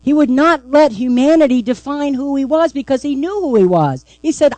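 A woman's voice: high voice, lively intonation, unhurried, dry recording, poor audio. A woman pastor preaching a sermon, emphatic and repeatedly asking the congregation "right?".

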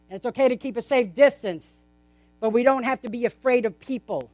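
A dry recording captures a woman with a fairly high pitch and a darkish tone, speaking slightly fast. Standing before her congregation, she gives a casual, conversational sermon peppered with rhetorical questions.

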